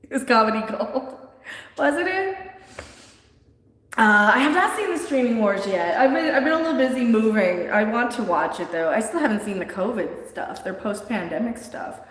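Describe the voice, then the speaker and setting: A woman's voice: a little high, expressive, moderate pace, fairly bright tone. Woman, livestream host, rambling blunt chat, frequent laughter, very echoey room with long reverb.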